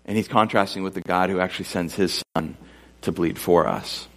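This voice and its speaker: A man's voice: sits low, fairly even intonation, brisk, a bit bright. A man preaching a sermon to a live congregation, conversational and joking in his asides. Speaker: pastor. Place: church before a live congregation.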